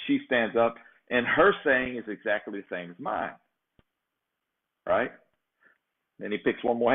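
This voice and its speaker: A man's voice: on the low side, expressive, measured pace. A man hosting a show, telling a long casual story and often tagging "right?" onto his sentences. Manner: rambling, peppers sentences with "right?". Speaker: show host. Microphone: checks own sound setup. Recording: phone-like narrow sound.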